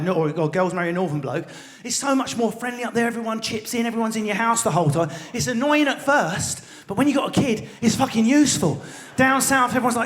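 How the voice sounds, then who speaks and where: A man's voice: extremely high pitch, fairly bright tone, a little hiss or hum. A man with an Essex and London accent doing live stand-up comedy in a large theatre, brash, sweary and baiting the crowd. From Enfield, England.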